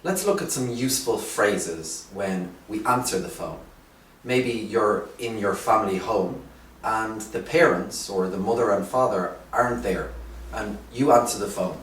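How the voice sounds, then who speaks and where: A man teaching an English lesson, speaking slowly and clearly with emphasis on key phrases. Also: fairly low pitch, fairly bright tone, distant mic, slight background noise. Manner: slow, clear, drawn-out teaching with rising emphasis. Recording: roomy echo, voice from off the mic.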